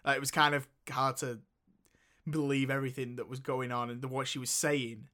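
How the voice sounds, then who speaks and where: Young man, bright voice, blunt, slangy, casual movie talk. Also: mid-range voice, flat delivery, fairly quick. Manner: blunt, slangy, says "bro". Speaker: podcast co-host. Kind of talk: casual film review chat.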